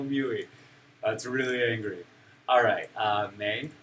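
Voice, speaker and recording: A man's voice: mid-range voice, measured pace, fairly bright tone. A male teacher leading a classroom of young children, playful and encouraging as he acts out emotions. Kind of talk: classroom teaching of simple English. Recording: distant mic with room noise.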